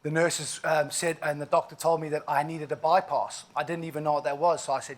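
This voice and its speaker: Sounding around forty, a South African man with a clear accent and a voice a bit high for a man recounts his own story in an inspirational keynote. His storytelling is emphatic and full of asides, though the delivery is flat, fairly quick, and has hardly any pauses.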